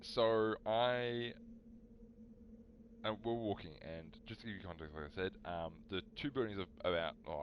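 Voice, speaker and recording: Brief: a young, very low-voiced streamer, chatty and animated, faint hiss behind. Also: male voice, muffled recording. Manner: rambling, animated, talks to chat. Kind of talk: casual storytelling on a live stream.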